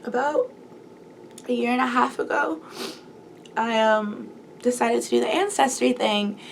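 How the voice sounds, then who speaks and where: A woman's voice: a little high, unhurried, vocal fry, slight background noise. A young woman in her twenties talking through a personal vlog, emotional and close to tears, rambling with many fillers. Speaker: vlogger.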